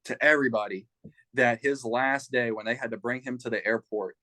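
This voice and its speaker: A man from Louisiana with a Southern accent, an Army veteran guest telling lively stories in a casual interview. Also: medium pitch, fairly quick, no echo. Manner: animated, laughing storyteller. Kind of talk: casual storytelling.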